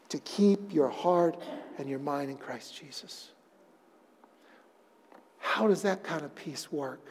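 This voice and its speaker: A man preaching a sermon as pastor, moving from loud emphatic phrases down to hushed, almost whispered words. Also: on the high side, slow, long pauses, in a large hall. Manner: swings between loud emphatic lines and hushed near-whispers.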